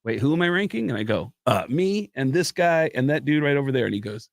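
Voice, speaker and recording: A comedian tells his stories in a loose, animated way and slips into the voices of the people he quotes. His voice sits at an ordinary male pitch. The sound is close and dry, with no room around it. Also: fast, creaky, no room sound. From United States. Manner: animated storyteller who acts out quotes. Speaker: guest, stand-up comedian and impressionist. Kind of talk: casual storytelling chat.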